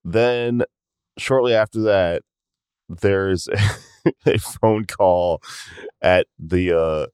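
A man's voice: sits low, extremely slow, long pauses, darkish tone, clear, resonant tone, no echo, studio quality. A man co-hosting a podcast, chatting loosely about a cartoon episode with lots of fillers and chuckles. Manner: loose and rambling, with many fillers, chuckling along. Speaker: podcast co-host. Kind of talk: casual chat recapping a cartoon episode.

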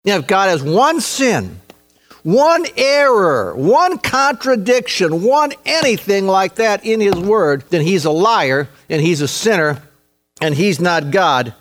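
A man preaching a sermon as pastor, stressing phrases slowly and acting out quoted speech. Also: sits high, sing-song, fairly bright tone.

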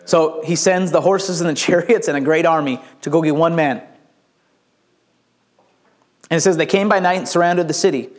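A middle-aged male pastor preaching a sermon, telling the story in a lively way and acting out the voices. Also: a little high, moderate pace, long pauses. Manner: animated storytelling, acts out voices.

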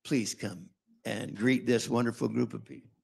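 A male pastor preaching a sermon, emphatic and repetitive, with a gravelly voice. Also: mid-range voice, steady tone, moderate pace, darkish tone. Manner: emphatic preaching with repeated phrases.

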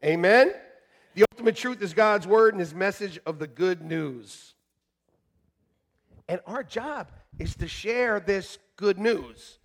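A male pastor preaching a sermon to his congregation, joking with them and moving between quiet asides and shouted emphasis. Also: high-pitched, lively intonation, slow, vocal fry. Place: church sanctuary.

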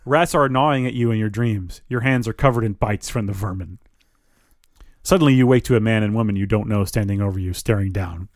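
A man's voice: on the low side, brisk, no echo, clean studio sound. Man casually reading a gamebook aloud. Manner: casual, with asides and laughs between passages. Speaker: reader.

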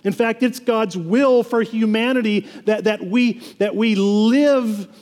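A man's voice: high-pitched, slow pace, a little mellow, big-room sound. A man preaching a sermon as pastor, earnest, often repeating words and restarting phrases.

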